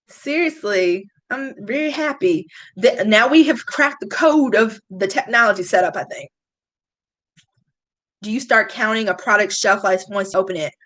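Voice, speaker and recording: A young woman hosting a long livestream, chatting casually and answering viewer comments with candid, animated reactions. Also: poor audio. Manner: chatty and candid, swings up high when greeting viewers. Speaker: beauty vlogger hosting a livestream.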